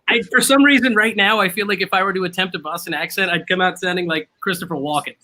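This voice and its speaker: A man's voice: high voice, a little fast, bright, forceful tone, low-quality recording. A man hosting a casual chat over drinks, laughing often and making fun of himself. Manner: laughs often, self-mocking.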